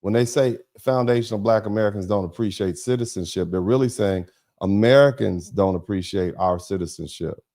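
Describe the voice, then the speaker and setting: A man hosts a political commentary livestream, speaking emphatically and repeating himself a lot. His voice is fairly low, warm, and a little fast.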